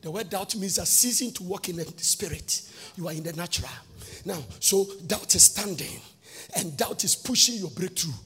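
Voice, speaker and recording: Husky preacher, sing-song. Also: male voice, high-pitched, animated, moderate pace, bright, forceful tone. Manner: sing-song preaching cadence, rhetorical questions to the crowd. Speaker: pastor. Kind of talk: sermon. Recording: long hall reverb with faint music.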